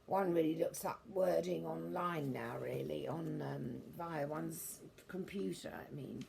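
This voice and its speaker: Slow, low-voiced prim woman. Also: creaky, a crowd in the background. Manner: meandering and prim, with self-corrections and formal turns of phrase. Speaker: vlogger showing her book collection. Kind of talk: rambling casual show-and-tell.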